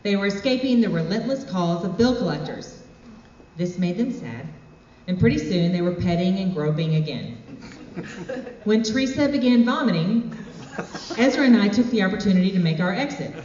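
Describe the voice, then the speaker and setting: A woman telling a comic personal story on stage with deadpan, wry asides. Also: medium pitch, normal speed, slight background noise. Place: stage in a hall. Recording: echoey hall, far from mic, dull.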